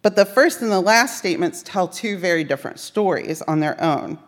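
A woman's voice: on the low side, lively intonation, normal speed. A woman giving a sermon, telling a personal story with wry, self-deprecating humor. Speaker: worship service speaker. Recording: long reverb of a large hall.

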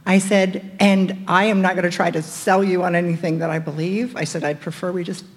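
A woman's voice: on the low side, a little fast. Middle-aged woman telling a story in a hall. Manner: animated, acts out quoted dialogue. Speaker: group discussion participant. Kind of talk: storytelling in a group. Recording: long hall reverb.

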